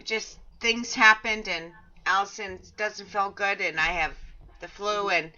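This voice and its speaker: Bright-voiced woman host, muffled line. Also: mid-range voice. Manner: halting, many ums, reads listener questions. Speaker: radio host. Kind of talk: casual radio chat.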